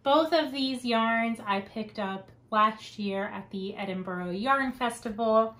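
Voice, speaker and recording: A woman's voice: on the high side, slow, a bit bright. Young adult woman, podcast host, casual and talkative with easy laughs. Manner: chatty, laughs often, wanders onto tangents. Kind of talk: casual chat.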